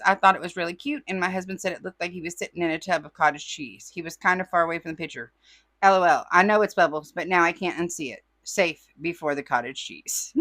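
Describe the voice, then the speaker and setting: Bright-voiced chatty woman from California. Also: medium pitch, dry recording. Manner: chatty, says y'all, reads comments aloud with asides. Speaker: host reading viewer comments. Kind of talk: casual chat.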